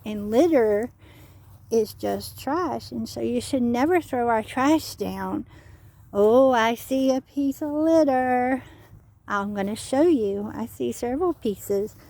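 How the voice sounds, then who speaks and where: Outdoors on a walk, a woman educator leads children on a nature walk, speaking slowly in a gravelly, slightly high, animated voice with a dark tone. Patient and teacherly, she keeps asking the kids questions and spells words out letter by letter.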